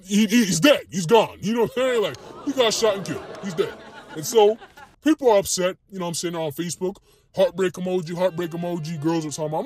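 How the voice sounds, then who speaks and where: Male comic storyteller, high lively voice, faint music under it. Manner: animated, slangy, laughs while telling. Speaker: comedian telling a skit.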